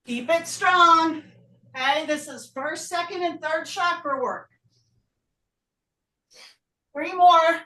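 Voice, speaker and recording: A woman teaching a live yoga class, out of breath, calling breath and pose cues with brisk energy. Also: very high voice, bright, forceful tone. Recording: roomy echo, voice from a distance.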